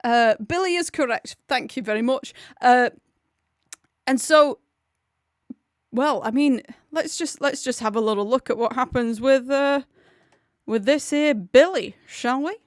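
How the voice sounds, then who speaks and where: A woman's voice: sits high, unhurried, no echo, studio quality. A woman hosting a livestream film club, chatting in a rambling, breezy way and often correcting herself. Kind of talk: casual chatty commentary.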